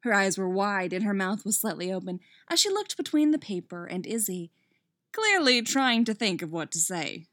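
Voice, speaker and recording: A woman's voice: mid-range voice, moderate pace, no echo, clean studio sound. A woman reading a romance story aloud, breaking in with startled asides and swearing as she reads. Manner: expressive, blurts asides and swears mid-read. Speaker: reader. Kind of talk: reading fan fiction aloud with reactions.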